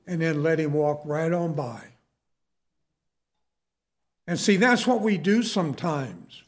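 A preacher man with a fairly high voice delivers his sermon slowly and deliberately. He is earnest and emphatic, and he keeps turning to his listeners as "folks.". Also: lively intonation.

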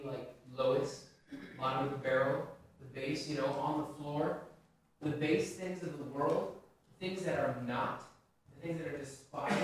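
A male pastor preaching a sermon in a conversational way, asking the congregation questions. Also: a little high. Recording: very echoey hall, voice from a distance.

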